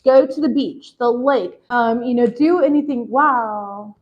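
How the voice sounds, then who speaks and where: A woman's voice: fairly high pitch, measured pace, dull audio. A woman chatting casually as she gives a tarot reading, peppered with "like" and "you know". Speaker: tarot reader.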